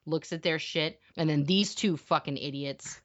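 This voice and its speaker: A woman's voice: sits low, moderate pace, muffled recording. A woman co-hosting a film-review podcast, ranting with plenty of swearing and sarcasm. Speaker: podcast co-host. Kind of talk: casual film-review banter.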